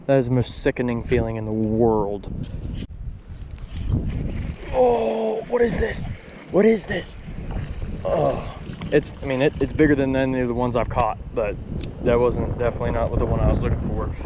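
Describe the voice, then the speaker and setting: A young man hosting a fishing vlog, excitable and flustered as he talks to his viewers outdoors. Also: mid-range voice. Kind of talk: casual fishing vlog talk. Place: outdoors by the water. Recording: noisy outdoor recording with wind.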